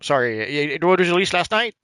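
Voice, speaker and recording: A man co-hosting a game stream, chatting casually and hesitantly with many pauses and restarts. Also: on the high side, big pitch swings, fairly bright tone, soft background music. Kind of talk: casual chat while gaming.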